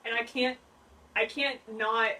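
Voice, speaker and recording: A woman's voice: fairly high pitch, steady tone, unhurried, sharp tone, recorded from a distance, slight background noise, low-quality recording. A young woman from Canada co-hosting a podcast in casual chat, often trailing off and restarting her sentences. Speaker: podcast co-host.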